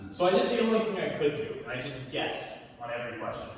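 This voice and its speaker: A young man performing a stand-up comedy set in a small theater, telling animated stories to a laughing audience. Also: medium pitch, a little fast. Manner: animated storytelling, punchlines with crowd laughter. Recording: echoey hall from far off.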